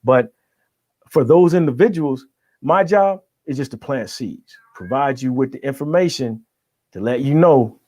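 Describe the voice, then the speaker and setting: Speaking a little slowly but with animation, this middle-aged man has a warm, medium-pitched voice captured in a dry recording. He's a guest coach on a podcast, delivering emphatic motivation and asking "right?" after every point to check in with the listener.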